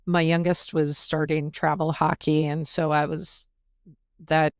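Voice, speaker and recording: A woman's voice: low voice, little pitch movement, measured pace, no room sound, studio quality. A woman in her forties, a podcast guest, chatting casually about her life, with lots of fillers and quoted asides. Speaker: podcast guest, brewpub co-owner. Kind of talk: casual interview chat.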